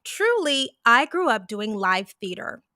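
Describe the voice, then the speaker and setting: Loud, bright-voiced woman streamer. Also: fairly high pitch, measured pace, no room sound, studio quality. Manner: loud, projecting theater voice, lively and chatty. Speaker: live streamer. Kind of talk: casual live stream chat.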